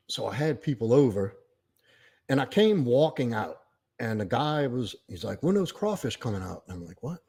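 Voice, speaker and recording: Husky middle-aged man telling a hard story. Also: medium pitch, sing-song, darkish tone. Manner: halting and choked up at times. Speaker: podcast guest telling a personal story. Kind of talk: emotional personal storytelling.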